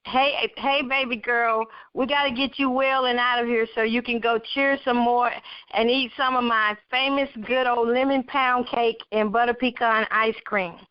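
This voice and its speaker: A woman reading the lines of a loving father who speaks gently to comfort his sick daughter. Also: fairly high pitch, steady tone, moderate pace, natural voice. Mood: tender. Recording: dull lo-fi recording.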